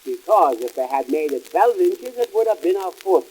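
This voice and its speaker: A man performs a wisecracking comic businessman straight out of a 1920s vaudeville record. The voice sits high and husky, and every line lands as a dry punchline delivered in quick patter. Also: heavily acted, poor audio. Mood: wry. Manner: punchline-driven deadpan patter.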